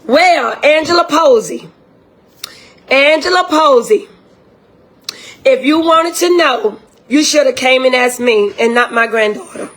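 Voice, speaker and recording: Older grandmother with a high voice, fired-up and indignant, speaking straight to camera. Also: animated, measured pace, long pauses, fairly bright tone. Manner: indignant, impassioned, repetitive direct address. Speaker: grieving grandmother. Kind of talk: emotional direct-address video.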